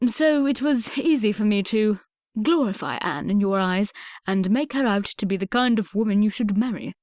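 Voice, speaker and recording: A woman reading an audiobook, voicing a blustering older Regency father who speaks in a booming, brusque and emphatic way. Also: a little mellow, no echo, clean studio sound, lightly acted.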